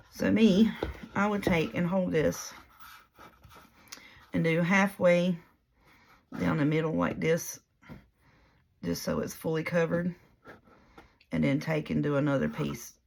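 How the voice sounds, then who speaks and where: A woman's voice: sits low, creaky, darkish tone, a little hiss or hum. A woman chatting casually through a paper craft tutorial, rambling in a folksy way and talking through her own mistakes as she works. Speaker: paper crafter demonstrating a project.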